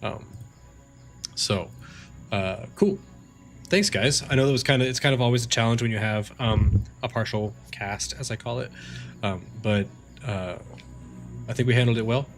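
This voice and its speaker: Male game master, casual rambling narrator, mid-pitched, faint music underneath. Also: moderate pace, long pauses. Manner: casual and rambling, many fillers and restarts. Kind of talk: narrating a tabletop game livestream.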